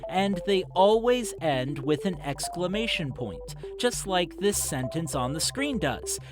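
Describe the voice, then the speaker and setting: A narrator of a children's educational video, reading a scripted lesson in an enthusiastic, encouraging way that speaks straight to young viewers. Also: mid-range voice.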